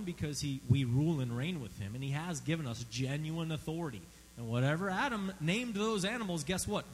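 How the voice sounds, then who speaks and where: A man preaching a sermon, emphatic and animated, asking his audience questions. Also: on the high side, big-room sound, slight background noise, rough recording. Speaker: pastor.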